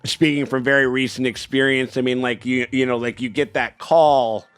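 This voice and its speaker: A man's voice: medium pitch, steady tone, normal speed, smooth, no room sound. A man co-hosting a casual TV reaction chat, talking loosely with many fillers and restarts, and swearing freely. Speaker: co-host reacting to a TV episode.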